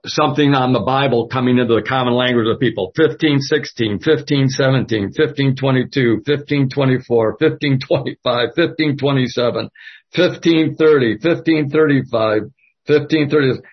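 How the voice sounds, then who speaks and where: Man, Bible study leader, halting delivery, husky tone, muffled low-fi recording. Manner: slow and halting, with many fillers. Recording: dull lo-fi audio.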